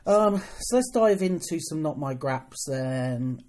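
A wrestling promoter chats casually while co-hosting a podcast from a hotel room, her low-pitched voice expressive, slow and warm. The rambling talk stays dry and pokes fun at herself.

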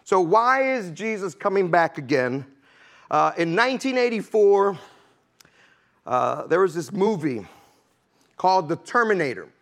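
A man with a high-pitched voice delivers a relaxed, chatty sermon to a congregation. He keeps the crowd engaged by asking "amen?" and "okay?", with a light laugh now and then between points. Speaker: preacher.

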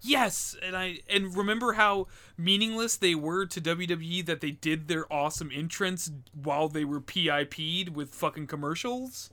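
A man co-hosting a casual wrestling podcast, talking excitedly and swearing freely. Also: fairly high pitch, moderate pace, hardly any pauses. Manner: excited, swears a lot, jokey. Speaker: podcast co-host.

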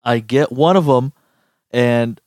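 A young man co-hosting a podcast, telling profane, animated stories and acting out goofy quoted voices. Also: medium pitch, takes it slowly, no room sound, studio quality. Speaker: podcast co-host. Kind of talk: casual podcast banter.

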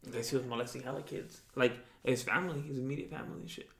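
A man's voice: mid-range voice, steady tone, very fast, a bit bright. A young man telling rambling, profane stories in casual chat. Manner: profane, rambling storytelling with slang and Spanish quotes. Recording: echoey room.

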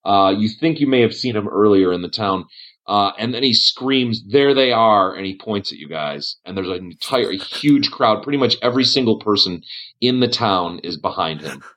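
A man's voice: on the low side, expressive, moderate pace, fairly bright tone. A man narrating a tabletop game as game master, describing scenes with frequent fillers. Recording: dull lo-fi audio.

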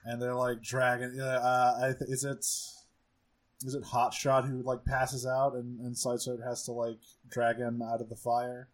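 A man's voice: medium pitch, monotone, normal speed. A man chatting casually on a podcast and recapping a cartoon. His delivery is loose and jokey, with plenty of swearing. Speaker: podcast co-host. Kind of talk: casual chat.

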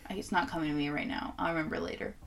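A woman's voice: low-pitched, steady tone, fast. A woman co-hosting a casual chat, rambling with dry humor and casual swearing.

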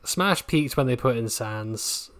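A woman co-hosting a podcast in casual chat, making dry, deadpan jokes. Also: extremely low pitch, slow pace. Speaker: podcast co-host.

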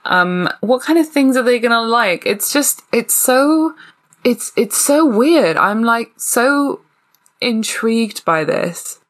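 A woman's voice: a little high, expressive, takes it slowly. A British woman in casual chat, amused and giggly, often trailing off mid-sentence.

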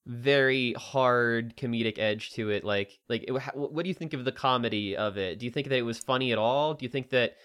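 A man's voice: medium pitch, a little fast, few pauses, fairly bright tone, clean tone. A young man in casual chat, easygoing, asking his co-host questions and chuckling. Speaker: game review podcast co-host.

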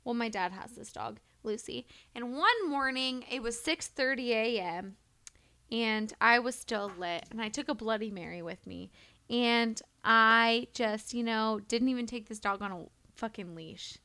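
A woman co-hosting a casual podcast, telling a wild story with lots of swearing and animated energy. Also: fairly high pitch, unhurried. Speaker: podcast co-host.

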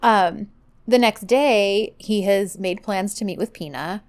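A woman's voice: mid-range voice, slow pace. A woman co-hosting a casual chat, recapping a drama with many fillers and acted-out quotes. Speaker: podcast co-host recapping a TV drama.

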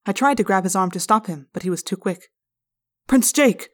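A woman narrating a fan read-aloud chapter in an expressive style, recorded in a hotel room. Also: medium pitch, quick pace.

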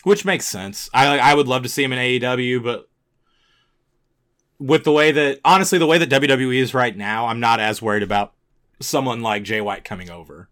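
Bright-voiced man, hesitant casual chat. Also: medium pitch, moderate pace. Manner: relaxed, hesitant, many fillers. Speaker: podcast co-host.

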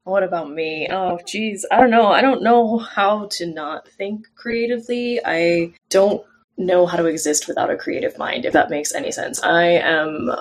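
Low-pitched woman guest thinking aloud. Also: normal speed. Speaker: podcast guest. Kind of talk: casual podcast chat.

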